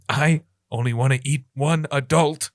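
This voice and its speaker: An ancient, vengeful bear, played by a man, growls out gloating threats in a slightly raised voice. He drags his words out at an unhurried pace. It's an improvised comedy scene. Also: fairly high pitch, no room sound, studio quality.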